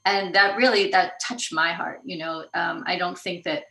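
A woman co-hosting an interview over a video call, effusive and full of ums. Her voice is low-pitched and very bright. It bounces around an echoey room. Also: steady tone, moderate pace, vocal fry. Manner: effusive and meandering, full of fillers. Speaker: co-host, publisher. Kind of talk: interview on an online radio show.

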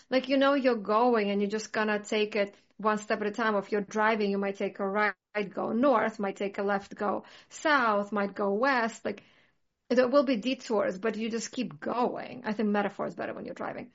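A woman's voice: mid-range voice, fairly even intonation, measured pace, highs cut off. A woman in casual conversation, talking earnestly and reflectively, with many "like" fillers. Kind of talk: casual chat.

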